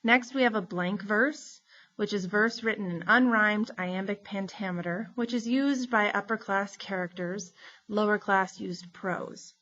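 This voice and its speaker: A woman teacher giving a recorded lesson, explaining terms in a clear, steady way. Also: mid-range voice, measured pace, muffled recording.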